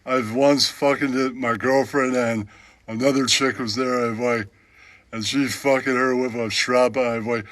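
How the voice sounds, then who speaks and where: A man doing a parody stand-up routine in a deadpan way, with a repeated catchphrase. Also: medium pitch, a little slow, dry recording. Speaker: comedian parody.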